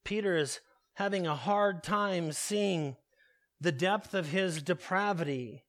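A man preaching a sermon, slow and deliberate, repeating his key phrases for weight. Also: sits high, fairly bright tone.

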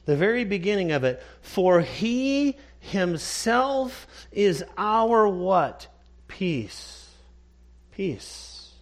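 A man preaching a sermon, emphatic and repetitive, clearing his throat now and then. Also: sits high. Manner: emphatic, slow preaching with repeated phrases. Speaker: pastor.

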